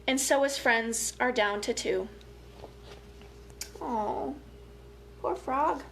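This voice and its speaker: A young woman family educator reading a picture book aloud to children, with gentle, playful, chatty asides to her young listeners. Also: high voice, very slow, vocal fry, slight background noise.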